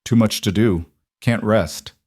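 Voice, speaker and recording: A man voicing a shy young husband with a raspy, hoarse voice who talks haltingly and repeats his words. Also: fairly low pitch, darkish tone, no room sound, clean studio sound. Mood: resolute.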